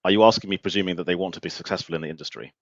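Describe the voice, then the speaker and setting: A man's voice: deep voice, racing, dry recording, muffled recording. A man hosting a casual live show, talking bluntly and animatedly and swearing freely. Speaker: podcast host. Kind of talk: casual livestream chat.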